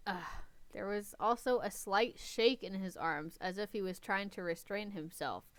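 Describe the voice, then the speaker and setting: A woman's voice: medium pitch, normal speed, clear, resonant tone, no echo. A young woman co-hosting a casual podcast, reading a web novel aloud with a dramatic touch and stopping to comment. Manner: reads dramatically and breaks off to comment and laugh. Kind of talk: casual read-aloud with banter.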